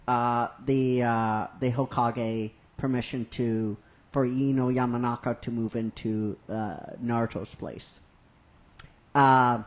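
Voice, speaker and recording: A man casually retelling a fan-written script scene by scene, rambling and hesitant with many fillers. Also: mid-range voice. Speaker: narrator.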